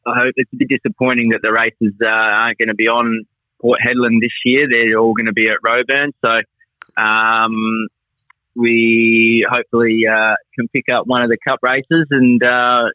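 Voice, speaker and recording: A man's voice: mid-range voice, level tone, moderate pace, no echo, narrow, tinny audio. An Australian man in his forties, a laid-back self-deprecating podcast guest. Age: 40s.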